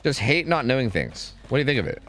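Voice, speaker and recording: A man streaming a game, chatting excitedly and swearing as he talks to his teammates and viewers. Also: medium pitch, fast talker. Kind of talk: live gameplay commentary.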